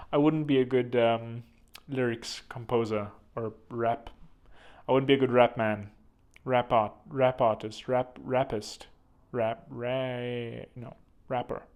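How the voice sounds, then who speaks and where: A man's voice: medium pitch, steady tone, slow, darkish tone, clean tone. A man hosting a comedic self-help monologue, rambling and joking crudely at his own expense. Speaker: host.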